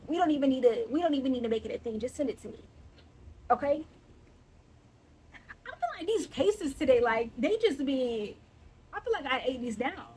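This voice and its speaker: Sassy high-voiced woman podcaster. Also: a little mellow, slight background noise, poor audio. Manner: blunt, sassy and playfully indignant. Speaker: podcast host. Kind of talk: casual solo podcast monologue.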